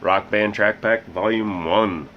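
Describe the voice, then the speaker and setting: A man's voice: on the low side, takes it slowly. A man hosting a casual game collection vlog, rambling and making joking asides about himself. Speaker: host. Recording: muffled with loud background hiss.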